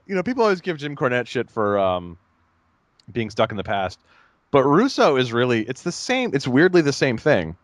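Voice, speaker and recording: A man's voice: medium pitch, no room sound. Rambling male podcast co-host, dry sound. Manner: rambling, animated, lots of fillers and mock voices. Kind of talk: casual chat.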